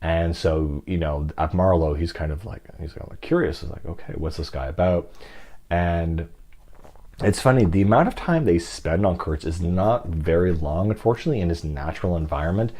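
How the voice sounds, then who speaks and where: A man's voice: low voice, normal speed, dark tone. A man casually discussing a classic novel in a rambling, reflective way, with many fillers and restarts. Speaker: book discussion host.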